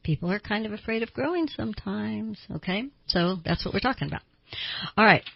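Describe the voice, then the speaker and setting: A middle-aged woman hosting a talk radio show, explaining in a chatty way and acting out little quotes in a higher voice. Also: animated, fairly quick, gravelly, breathy edge, no echo, muffled recording. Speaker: radio talk host and counselor. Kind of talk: conversational talk radio monologue.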